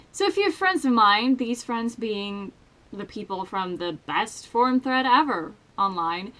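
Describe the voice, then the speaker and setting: A young Swedish woman with a Swedish accent vlogs casually to camera, crude, self-mocking, and playful. Her voice is medium-pitched and fairly bright, recorded through headphones with a desk mic.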